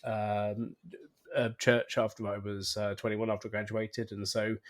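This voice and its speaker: A man's voice: fairly low pitch, little pitch movement, unhurried. A man hosting a casual podcast chat, talking eagerly and often repeating himself. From England. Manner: chatty, eager, repeats words. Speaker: podcast host.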